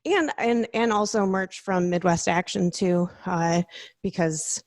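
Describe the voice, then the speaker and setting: A woman's voice: fairly low pitch, measured pace, darkish tone, dry recording, clean studio sound. A woman musician joining a podcast over a video call from home, easygoing and casual. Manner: laughing, easygoing. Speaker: musician guest. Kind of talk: casual interview chat.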